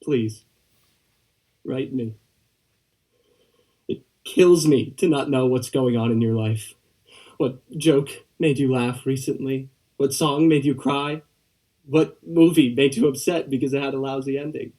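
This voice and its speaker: A young man student actor voicing a lonely letter-writer who begs for a reply, in a slow, aching dramatic monologue. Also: mid-range voice, steady tone, dark tone, far from the mic, close to an everyday voice. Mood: longing. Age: young adult. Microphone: video call.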